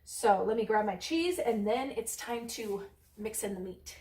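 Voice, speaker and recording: A woman's voice: medium pitch, animated, measured pace, distant mic, background noise. A woman hosting a home cooking vlog, talking casually and rambling with lots of ums as she works in her kitchen. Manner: chatty, rambling, many ums. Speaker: cooking channel host. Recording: echoey room, voice away from mic.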